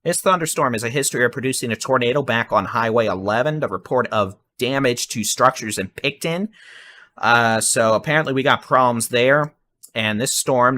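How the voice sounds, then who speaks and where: Male storm broadcaster, fast urgent delivery, bright forceful tone. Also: medium pitch. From Texas. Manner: fast, urgent, repeats safety instructions. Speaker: live severe weather broadcaster. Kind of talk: live weather warning commentary.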